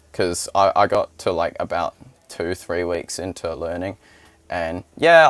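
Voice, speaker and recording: Low-voiced man rambling casually. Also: no room sound. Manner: rambling, hesitant, full of filler words. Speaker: language learning YouTuber.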